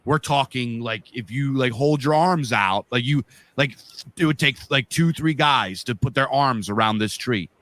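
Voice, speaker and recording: A man's voice: medium pitch, moderate pace, fairly bright tone. A man from the northeastern US, a podcast co-host telling a vivid, rambling story with lots of fillers and swearing. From northeastern US, Pennsylvania. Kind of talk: casual storytelling.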